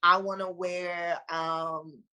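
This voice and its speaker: A woman's voice: fairly low pitch, level tone, slow pace, pushed and bright, clean tone. A woman guest on a podcast, talking casually and a bit hesitantly. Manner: hesitant, lots of fillers, laughs. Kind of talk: casual conversation.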